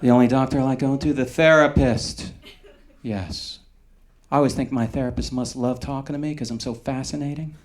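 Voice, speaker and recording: A man doing a stand-up comedy set on stage with a dry, deadpan delivery. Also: medium pitch, brisk. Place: comedy club stage before a live audience.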